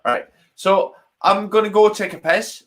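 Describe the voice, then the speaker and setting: A man's voice: sits high, steady tone. A man chatting casually and then singing a folk song in dialect to his own guitar, stopping and restarting when he forgets the lyrics. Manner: halting, keeps restarting after forgetting lyrics. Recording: guitar heard behind the voice.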